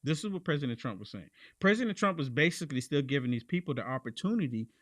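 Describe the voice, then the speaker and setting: A man's voice: a little high, animated, fast talker, no room sound, studio quality. A man hosting a political commentary show, talking emphatically and repeating lines for punch.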